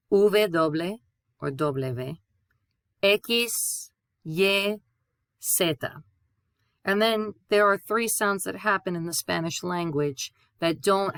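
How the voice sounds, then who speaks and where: A woman teaching a Spanish lesson, patiently spelling out letters and repeating sounds clearly. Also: fairly low pitch, no echo, clean studio sound. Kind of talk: classroom lesson.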